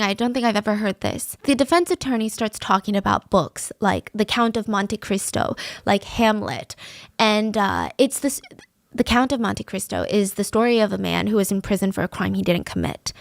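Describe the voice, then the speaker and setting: A woman hosting a true crime podcast, telling a case in a casual, conversational way with lively asides. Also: medium pitch, dry recording, studio quality. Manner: conversational, animated asides, raises voice for quoted lines. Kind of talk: casual storytelling narration.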